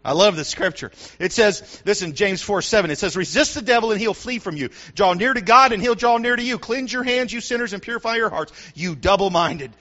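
A man's voice: high voice, fairly quick, hardly any pauses, bright, forceful tone. A middle-aged man, a pastor, preaching a sermon with call-and-response asides to the congregation. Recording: dull lo-fi sound.

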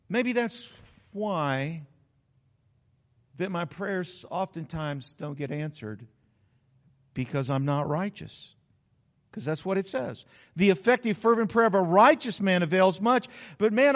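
A middle-aged preacher with a notably high voice delivers a chatty sermon, turning to his listeners and circling back to the same lines. His voice rings out in a large hall with a long tail of reverb. The recording is dull and muffled. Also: a bit bright. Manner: conversational, addresses the congregation directly, repeats phrases.

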